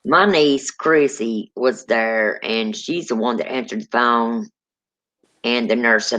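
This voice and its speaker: A woman's voice: a bass voice, slow, fairly bright tone. A woman guest telling ghost stories in a rambling, folksy way. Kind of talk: casual storytelling chat.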